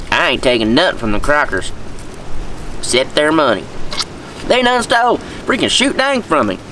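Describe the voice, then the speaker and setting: A man's voice: fairly high pitch, very animated, unhurried, pauses often, bright, forceful tone, recorded from a distance, slight background noise, exaggerated voice, rough recording. A man playing an aggrieved, rambling redneck in a comedic monologue, with a tobacco dip in his mouth. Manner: rambling, folksy, loses his thread.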